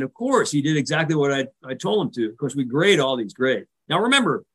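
An older American man, a retired naval officer, recounts a tense carrier landing in a vivid, animated way during a podcast interview. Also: medium pitch, brisk, few pauses, husky, poor audio. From United States. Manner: vivid, animated retelling, acting out radio calls. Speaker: guest.

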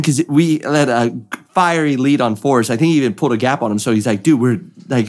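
A young man, a drift racing driver, telling a story with excitement and acting out the voices of the people in it. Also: mid-range voice, brisk, hardly any pauses. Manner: excited, acts out voices in quotes. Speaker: drift driver, podcast guest. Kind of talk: animated storytelling.

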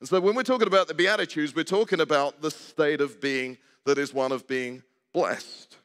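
Speaking at a moderate pace in a fairly bright voice on the high side, an older man preaches a conversational sermon, questioning and joking with his congregation. The church sanctuary gives a long hall reverb.

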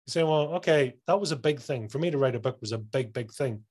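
A man's voice: medium pitch, expressive, fast talker, a little mellow, husky. A man who is an author and coach, talking casually as a guest and telling stories with enthusiasm. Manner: enthusiastic storyteller, acts out others' lines. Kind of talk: casual conversation.

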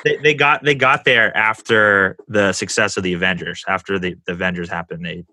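A man hosting a podcast, chatting enthusiastically with frequent halting restarts. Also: deep voice, steady tone, sharp tone, no echo. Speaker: podcast host. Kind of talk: casual conversation.

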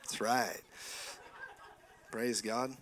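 A man in his forties preaching a lively sermon in a church, telling stories with laughing asides and frequent bursts of praise. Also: medium pitch, extremely slow, noisy background. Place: church sanctuary.

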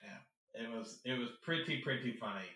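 A man co-hosting a podcast, telling stories in a casual, animated way and laughing often. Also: medium pitch, moderate pace, heavy reverb, recorded from a distance, rough recording. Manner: animated, laughs often, acts out quoted voices. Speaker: podcast co-host. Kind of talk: casual storytelling chat.

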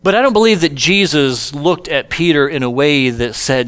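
A man's voice: a little high, moderate pace, a bit bright. A man preaching a sermon who tells scripture stories and acts them out in casual modern speech. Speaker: pastor.

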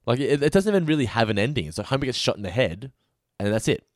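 A man's voice: medium pitch, animated, fast, dry recording, clean studio sound. A man co-hosting a podcast in casual chat, rambling with frequent restarts. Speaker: podcast co-host.

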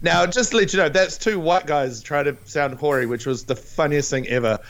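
A young man with a New Zealand accent, chatting casually as a podcast co-host and telling a story with lively put-on voices. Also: a little fast. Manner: animated storyteller, jumps into high put-on voices. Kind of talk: casual chat.

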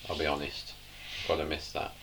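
An English man in an easygoing casual chat with friends, agreeable and relaxed. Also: a bass voice, normal speed, vocal fry, a crowd in the background, poor audio. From England.

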